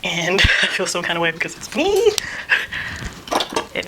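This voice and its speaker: A woman's voice: lowish voice, lively intonation, a little slow. A young woman chatting while doing her makeup at home, rambling with lots of "like" and frequent laughs. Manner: rambling, says "like" constantly, laughs often; acts out her mom's voice in quotes. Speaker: vlogger. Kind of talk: chatty get-ready-with-me vlog. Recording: noisy home recording.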